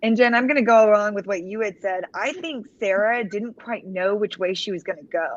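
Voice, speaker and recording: A woman's voice: medium pitch, a little fast, highs cut off. A woman in a casual live book chat, agreeable and often backing others up. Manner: agreeable, backs others with "right". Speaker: book club guest.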